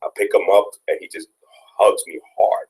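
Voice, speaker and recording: A man's voice: lowish voice, steady tone, normal speed, creaky, a little mellow, poor audio. A young man, a father, telling personal stories in an earnest, casual interview with many restarts. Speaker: guest, father.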